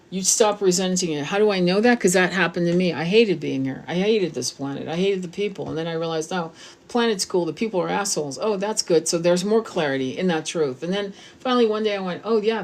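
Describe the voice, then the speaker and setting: A woman's voice: fairly low pitch, darkish tone. A middle-aged woman giving a spiritual tarot reading, talking bluntly and passionately and swearing freely. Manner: blunt, profane, impassioned. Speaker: tarot reader.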